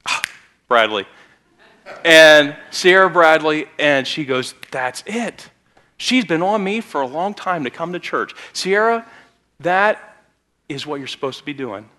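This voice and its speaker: A man's voice: fairly high pitch, animated, a little slow, bright, forceful tone. A man preaching a sermon as a youth pastor in a church, telling stories in a conversational way with sudden emphatic rises. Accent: Midwestern American. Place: church sanctuary.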